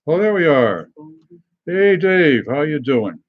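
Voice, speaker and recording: A man's voice: fairly high pitch, no echo. Middle-aged guy rambling through a beer tasting stream, lots of ums, dry slightly muffled sound. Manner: rambling and halting, many fillers, greets viewers by name. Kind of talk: casual live-stream chat.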